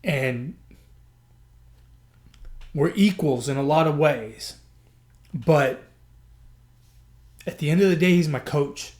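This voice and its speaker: A man's voice: on the high side, slow pace, long pauses, darkish tone. A man hosting a podcast, telling a personal story in an earnest, emotional way, often repeating himself. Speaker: podcast host.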